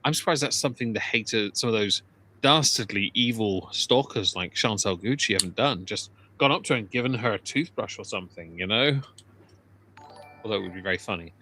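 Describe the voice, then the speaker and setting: A man with a bright voice gives casual, sarcastic commentary on a livestream in a dry, wry manner. Faint room ambience sits behind him. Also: lowish voice, fairly quick, slight background noise.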